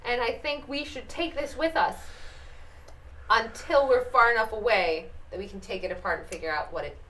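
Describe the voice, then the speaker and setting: A woman playing in a tabletop game, animated and excitable, laughing often. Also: a little high, moderate pace. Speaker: player.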